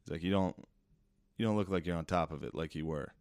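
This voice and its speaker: A man's voice: sits low, fast, a little mellow, dry recording. A man co-hosting a podcast in casual chat, laid-back and swearing, rambling through stories. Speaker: podcast co-host.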